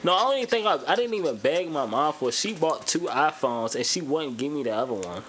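Young dude on a podcast, laid back and blunt, laughs a lot, bit of noise. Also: male voice, fairly high pitch, lively intonation, quick pace, a bit bright. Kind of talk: casual chat.

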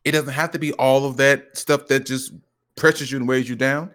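A man with a medium-pitched voice speaks at normal speed as co-host of a casual podcast conversation. He tells stories earnestly and reflectively, animatedly acting out quoted lines, including his son's.

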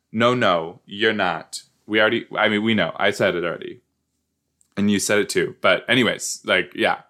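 A man hosting a casual reaction show about a TV episode, excitable and joking, with sudden jumps into high squeals. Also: normal speed.

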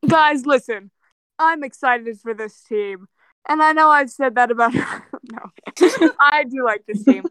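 A woman's voice: high-pitched, a little slow, a bit bright, smooth, dry recording, studio quality. A young woman co-hosting a casual podcast, playful and teasing, laughing often. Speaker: podcast co-host. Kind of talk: casual chat.

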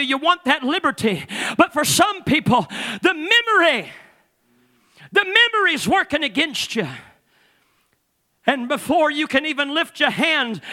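A man preaching, his voice pitched very high and bright. He presses each phrase with an "uh" and climbs into fervent shouts at the peaks. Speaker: pastor. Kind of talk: sermon. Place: church sanctuary.

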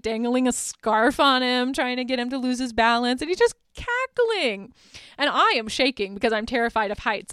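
A young woman casually recapping a film's plot, animated and profane, with lots of filler words. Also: on the high side, clear, resonant tone, no echo, clean studio sound. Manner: animated, swearing, many "like"s and "um"s; acts out characters' lines in quick voices. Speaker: podcast host.

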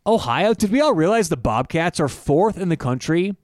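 A man co-hosts a betting show, his voice a touch higher than most men's. He talks emphatically and animatedly, restarting his sentences as he goes. The mic is close and dry, with no room sound. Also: big pitch swings, moderate pace, darkish tone, no room sound. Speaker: podcast co-host, sports bettor. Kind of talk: casual sports betting chat.

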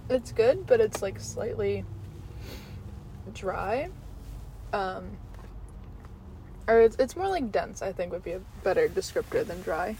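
A woman's voice: mid-range voice, lively intonation, slow, long pauses, warm tone, slight background noise, poor audio. A young woman giving a casual, rambling food review while eating, chatty and giggly with many ums. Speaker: vlogger.

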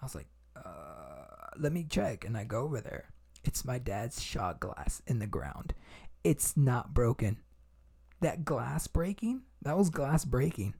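Gravelly, husky young man telling a story. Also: medium pitch, sing-song, measured pace, a little mellow. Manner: rambling, many fillers and restarts, swearing. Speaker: podcast host. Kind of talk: casual chat, storytelling.

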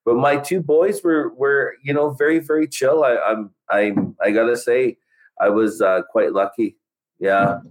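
A middle-aged man co-hosting a casual chat at an average pitch for a man. He talks in a relaxed, hesitant way, full of small pauses and fillers. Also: poor audio.

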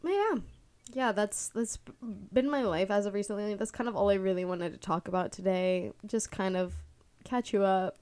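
This young woman from the San Francisco Bay Area hosts a casual solo podcast, her mid-range voice a little mellow and smooth at a normal speed. She rambles with plenty of fillers and laughs easily.

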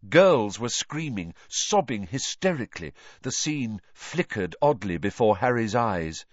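A man narrating a novel as an audiobook, reading with expressive, dramatic storytelling. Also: fairly low pitch, a little slow, hardly any pauses, no room sound, lo-fi sound.

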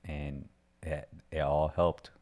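A man with an extremely deep voice hosts a relaxed conversation. He chimes in with brief affirmations and asks follow-up questions. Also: slow pace. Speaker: interviewer, host. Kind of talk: casual interview.

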